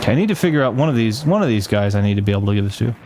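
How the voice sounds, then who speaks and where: A man's voice: on the low side, lively intonation, rapid-fire, darkish tone, a little hiss or hum. A man giving casual gameplay commentary while chatting with live viewers, rambling with frequent restarts and self-corrections. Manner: reads game text aloud between chatting with viewers. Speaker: game streamer.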